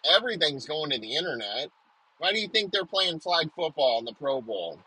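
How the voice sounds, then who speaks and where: Bright, husky man in a crude comic rant. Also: on the high side, very animated, dry recording, rough recording. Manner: rapid-fire, crude, profane riffing with frequent restarts. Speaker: comedian. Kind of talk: profane comedic rant.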